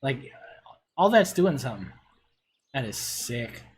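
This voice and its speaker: A man's voice: medium pitch, big pitch swings, takes it slowly, breathy edge. A middle-aged man on a casual livestream, gushing and swearing as he reviews player builds.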